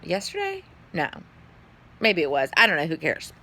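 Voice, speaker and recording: A woman's voice: low-pitched, expressive, moderate pace, sharp tone, slight background noise. A tired middle-aged woman, chatting casually to her phone camera in a rambling way, yawning and swearing now and then. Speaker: vlogger.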